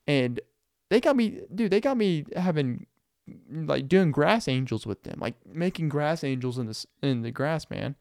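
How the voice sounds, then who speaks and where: Smooth-voiced young man telling stories. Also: a little high, moderate pace, no echo, studio quality. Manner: rambling, animated, laughs often. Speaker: podcast host. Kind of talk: casual storytelling monologue.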